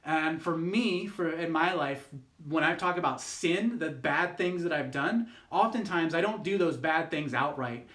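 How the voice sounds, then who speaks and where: A man's voice: fairly high pitch, measured pace, a bit bright, roomy sound. A man, a youth pastor, telling a fable in a casual, rambling way, with lots of fillers and restarts. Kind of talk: youth group devotional talk.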